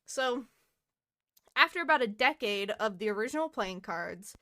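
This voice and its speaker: A woman's voice: on the high side, lively intonation, normal speed, sharp tone, no echo, studio quality. A young woman co-hosting a podcast, chatting casually, laughing often and swearing freely. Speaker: podcast co-host. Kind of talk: casual chat.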